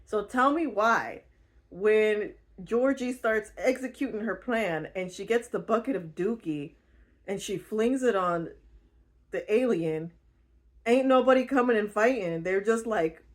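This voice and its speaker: A woman's voice: medium pitch, a little slow. A young woman hosting her channel, recapping a book in a slangy, chatty way, swearing freely and laughing often. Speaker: channel host.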